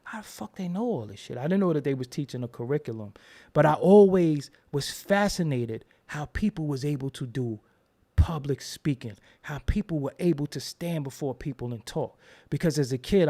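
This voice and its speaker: A man's voice: a little high, normal speed, mellow. A man hosting his own channel, talking in a casual, profane, rambling monologue and acting out quoted voices as he tells stories. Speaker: host.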